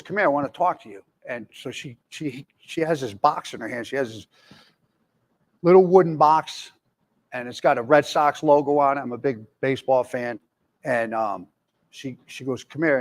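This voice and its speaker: A man in his forties telling his own recovery story candidly, rambling with many fillers and restarts. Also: medium pitch. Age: 40s. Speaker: speaker in recovery. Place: jail, indoors.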